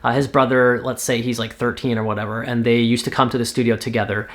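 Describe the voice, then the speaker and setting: Canadian guy rambling through a show pitch, lots of um and you know. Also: little pitch movement, quick pace, fairly bright tone. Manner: rambling, filler-heavy. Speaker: author pitching a TV series. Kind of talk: casual spoken story pitch.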